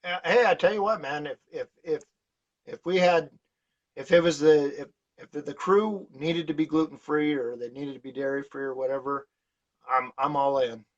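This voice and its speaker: A man with a fairly high voice chats as a podcast guest, wandering through his stories with lots of uh's and restarts. He gets animated and laughs as he tells them. The recording sounds dull and lo-fi. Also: moderate pace. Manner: rambling, many fillers and restarts. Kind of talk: casual conversation.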